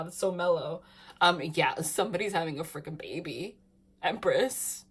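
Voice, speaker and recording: A woman giving a casual tarot reading to camera, excitable, often saying "freaking" and "like", swinging from calm talk to loud laughing outbursts. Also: fairly low pitch, normal speed. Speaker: tarot reader.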